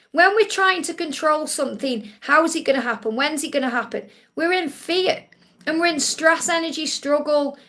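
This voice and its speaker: A woman's voice: high voice, a bit bright. A woman hosting a live-stream Q&A, giving spiritual readings to viewers in a reassuring way, repeating key points and calling them honey.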